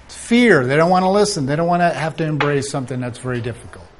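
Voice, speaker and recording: A man preaching at a conference, animated and acting out quoted voices, sometimes dropping to a whisper. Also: on the high side, quick pace, background noise. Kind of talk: conference sermon.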